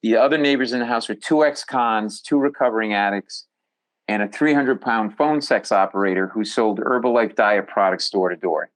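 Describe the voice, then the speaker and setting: A man, a comedian guest on a podcast, telling stories in an animated, jokey way. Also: lowish voice, normal speed, rough recording. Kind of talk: storytelling in a podcast interview.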